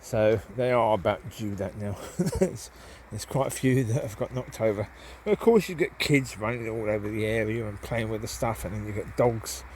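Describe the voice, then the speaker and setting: With a lowish, slightly mellow, nasal voice, a man talks at normal speed with few pauses as he walks his dogs outdoors in the woods. He rambles casually, says um plenty, and calls out to the dogs in this walk-and-talk monologue, which has a little hiss or hum.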